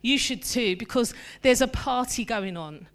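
A woman preaching a sermon in a lively, conversational way, mixing scripture with humorous personal asides. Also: a little high, unhurried.

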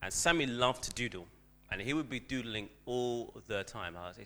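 A man's voice: medium pitch, animated, moderate pace, hardly any pauses, pushed and bright. A man, a teacher, telling a self-deprecating story in a church talk, with frequent restarts.

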